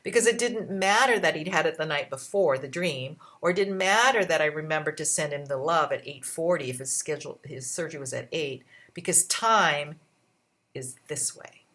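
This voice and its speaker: A woman vlogging in a casual storytelling style. Her voice sits a little low, but she moves around a lot, speeding up, slowing down and jumping higher to act out other people's lines. It comes across as chatty and expressive. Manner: animated retelling with shifting pitch and pace; acts out quoted voices.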